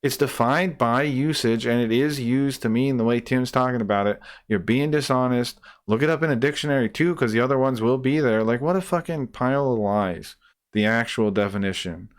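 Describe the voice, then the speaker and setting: Man, reaction commentary, heated profane ranting, smooth clear voice, repetitive restarts. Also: mid-range voice, normal speed. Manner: repeats and restarts while worked up. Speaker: streamer reacting to a debate clip.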